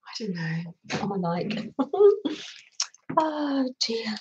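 Slow, chatty woman in echoey room. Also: on the high side, very animated, darkish tone, dull audio, a little hiss or hum. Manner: chatty, giggly, talks through snacking. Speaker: livestream host reading viewer comments. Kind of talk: chatty live craft stream.

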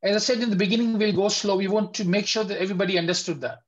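A man's voice: high voice, fairly even intonation, lo-fi sound. A man teaching an online tajweed lesson, patiently repeating letter sounds and checking that his students follow. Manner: patient, repeats sounds slowly, asks if it is clear. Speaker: Quran recitation teacher.

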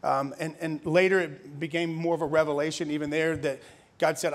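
A man's voice: on the high side, fairly even intonation, fast. A pastor in his thirties from Louisiana, telling his testimony in a conversational sermon with laughs and restarts. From Louisiana, USA. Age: 30s. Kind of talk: conference sermon, personal testimony.

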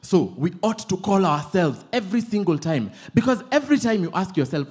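A man with a Kenyan accent preaching a sermon, telling lively, playful stories and switching often between English and Swahili. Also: sits high, a little fast, few pauses, husky. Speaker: pastor.

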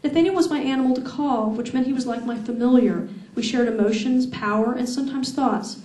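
A woman reads her own first-person novel aloud at a live event, steady and expressive. Her voice sits a little high. She is heard from a distance, with plenty of echo around her. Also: brisk. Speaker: author reading her novel. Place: event hall. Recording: echoey room, far from mic.

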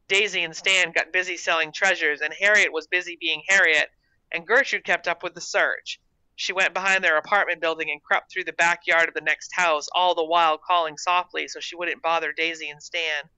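An author reading their own short story aloud in a steady storytelling manner. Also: mid-range voice, a little fast, no echo. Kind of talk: storybook narration.

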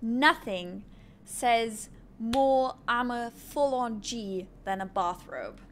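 On the high side and taking her time, a woman chats with viewers during a live game stream. She's playful and giggly, poking fun at herself and often laughing at her own jokes.

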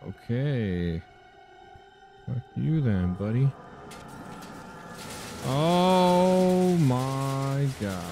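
A young man talks through a horror game in a relaxed, chatty tone that swings up and down a lot in pitch. He reacts to scares with jumpy, profane yelps, and faint game music plays behind him. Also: very slow, pauses often. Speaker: gaming channel host. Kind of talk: let's play commentary.

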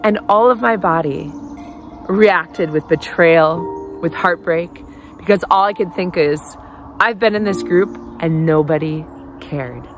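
A woman giving an earnest self-help talk that moves into soft guided breathing, often asking "right?". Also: fairly low pitch, soft background music. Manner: earnest, repeats "right?", quotes her own thoughts; slows to a soft guided meditation.

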